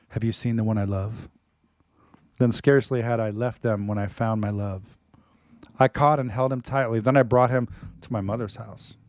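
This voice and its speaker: A man reads scripture aloud at home, leaning hard into the verses and stopping now and then for joking asides. His voice sits at an ordinary middle pitch. The recording is dry, with no room echo. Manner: loud, emphatic reading with joking asides. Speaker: Bible reading host. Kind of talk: Bible reading with casual commentary.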